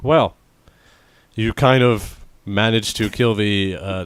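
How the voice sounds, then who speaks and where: A man's voice: fairly low pitch, slow pace, fairly bright tone, clear, resonant tone, no echo. A man co-hosting a casual podcast, joking around and reading strange news stories aloud with sarcastic asides. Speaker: podcast co-host.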